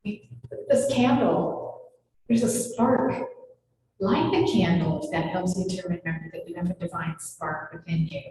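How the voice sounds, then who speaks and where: A woman minister delivers an unhurried sermon in a big, echoing hall where her words trail off into a long reverb and faint noise hangs underneath. She keeps it chatty and playful, laughing easily and addressing the congregation directly, at an everyday pitch. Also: mellow. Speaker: senior minister. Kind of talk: conversational sermon. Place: large hall of a spiritual center.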